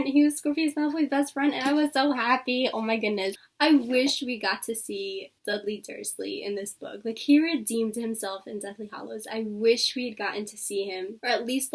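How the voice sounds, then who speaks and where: A woman's voice: on the high side, moderate pace, hardly any pauses, far from the mic. A woman reviewing a book in casual chat, gushing and effusive, with lots of "like". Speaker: book vlogger.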